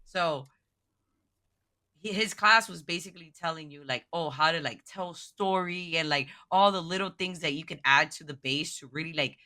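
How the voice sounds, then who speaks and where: Her voice sits low and her pace is moderate as this miniature painter chats casually on a podcast as a guest. She comes across as excitable and emotional, using "like" constantly.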